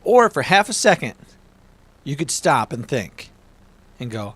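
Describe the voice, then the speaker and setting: A man's voice: medium pitch, unhurried, breathy edge. A man co-hosting a podcast, talking bluntly and with lots of swearing in a heated casual debate. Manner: blunt, profane, animated ranting. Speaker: podcast co-host.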